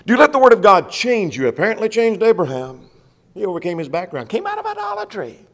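A man's voice: high-pitched, huge pitch swings, fast talker, gravelly, fairly bright tone, long reverb tail. A man preaching a sermon, firing questions at the congregation and acting out the excuses people make. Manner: questioning, emphatic, acts out quoted excuses.

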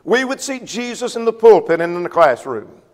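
A man's voice: high-pitched, sing-song, normal speed, big-room sound. A man preaching a sermon to a congregation, emphatic, repeating a refrain and putting questions to his listeners.

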